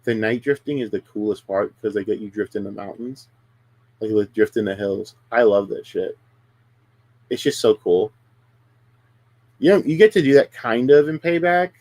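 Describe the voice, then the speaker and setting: A man's voice: fairly low pitch, normal speed, pauses often, darkish tone, no echo. A man streaming heated casual talk, combative and profane, ranting at rivals on a close, dry mic.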